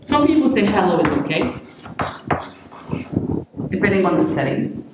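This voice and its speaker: Woman, English teacher, animated, demonstrative, classroom, booming echo. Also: a little slow. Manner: animated, acts out greetings with big pitch swings. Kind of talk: classroom lesson. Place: echoey classroom. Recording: very echoey room with steady noise.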